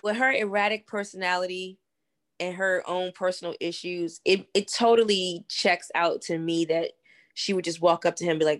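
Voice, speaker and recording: A woman with a fairly low voice giving blunt, swearing opinions in a casual recap chat. The recording is dry and close. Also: steady tone, no echo. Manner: blunt, fast-talking, swearing.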